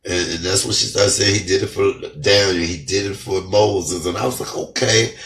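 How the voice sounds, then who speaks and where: A middle-aged man speaking fervently in an emotional testimony vlog, a little hoarse from shouting and crying with joy, talking in his house. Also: sits low, fairly even intonation, normal speed. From United States. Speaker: comedian vlogger. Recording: echoey room, off-mic.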